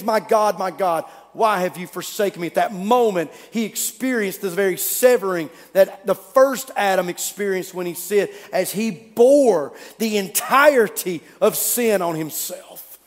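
A man preaching a sermon, telling the story dramatically, swinging from loud to hushed. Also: high-pitched, measured pace, few pauses, in a large hall. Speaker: pastor.

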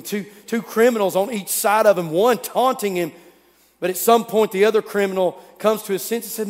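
Dramatic high-voiced preacher in a big hall. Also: male voice, moderate pace. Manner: dramatic storytelling, swinging from loud to hushed. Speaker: pastor. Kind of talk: sermon.

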